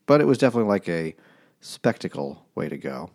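Male podcast co-host, very deep voice, relaxed recapping. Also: a little fast. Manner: laid-back summarizing with many fillers. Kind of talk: casual book chat.

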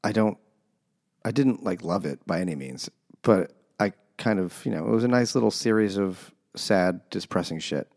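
A man's voice: low voice, animated, normal speed, creaky, a little mellow. A man in a book club discussion, talking hesitantly and rambling with trailing thoughts. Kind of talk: casual chat.

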